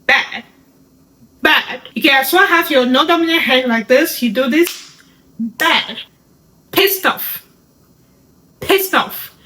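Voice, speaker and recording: Slow, bright-voiced woman sign teacher. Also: high-pitched, poor audio. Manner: slow, patient step-by-step instruction with frequent "right?". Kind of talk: beginner sign language lesson.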